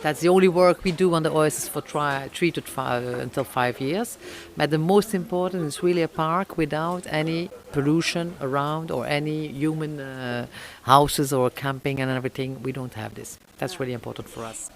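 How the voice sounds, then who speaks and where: A woman with a French accent, a French native speaker, answering interview questions slowly in English with many pauses and fillers. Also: low-pitched. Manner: halting, many fillers, searches for English words. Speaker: oyster company owner.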